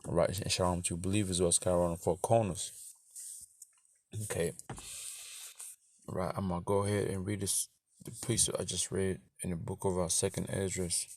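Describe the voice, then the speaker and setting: A lower-pitched man gives a casual religious teaching, reading aloud as he goes. He stumbles and repeats words, drops in curses, and sounds close and dry with no room echo. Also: darkish tone. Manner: stumbling, repetitive reading with profanity. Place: in Australia.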